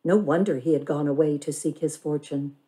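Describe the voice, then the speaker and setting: A woman reading a children's novel aloud in a measured, expressive storytelling manner. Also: low voice, background noise. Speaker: reader.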